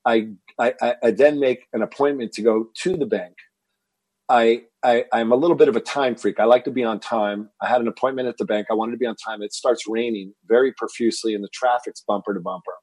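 Speaking a little fast in a husky, medium-pitched voice, this fifty-something man from Texas runs a fitness business. The dry recording captures him as an animated interview storyteller who repeats words in his excitement.

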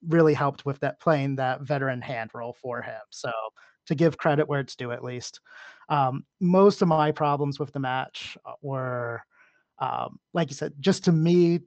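A man who is a podcast guest, chatting casually in a measured way and thinking aloud with lots of ums. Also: mid-range voice, no echo, muffled recording. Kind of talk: casual chat.

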